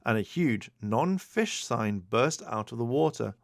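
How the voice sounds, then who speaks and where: A man's voice: medium pitch, a little slow, gravelly, dry recording. A man narrating a children's storybook as an audiobook, reading expressively into a close mic. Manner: expressive read-aloud narration.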